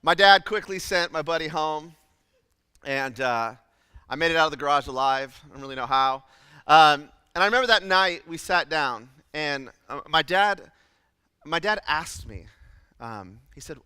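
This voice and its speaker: A man preaching a sermon as pastor, telling a childhood story in an animated, self-deprecating way with lots of fillers. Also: on the high side, normal speed, smooth, dry recording, in a large hall. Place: church auditorium.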